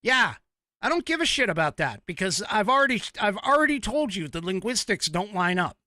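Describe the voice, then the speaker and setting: Angry ranting man, forceful and lively. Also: sits high, fairly quick, no echo, clean studio sound. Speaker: podcast host. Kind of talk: opinion podcast monologue.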